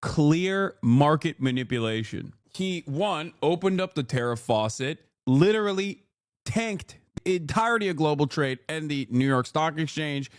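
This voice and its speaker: A man's voice: a little high, animated, measured pace, no room sound, studio quality. A man streaming political reaction commentary, ranting emphatically with exasperation and swearing.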